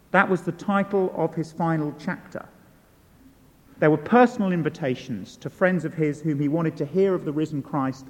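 Pastor man giving a sermon, slow and deliberate, repeats words, long church echo. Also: high voice, darkish tone. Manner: measured, repeats key words for emphasis. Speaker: preacher. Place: large church.

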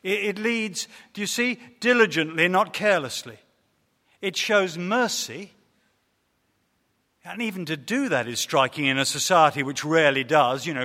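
A man's voice: on the high side, sing-song, a little slow, pauses often, sharp tone. A man preaching a sermon, earnest and storytelling, with hesitant fillers in a reverberant church hall. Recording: long reverb of a large hall.

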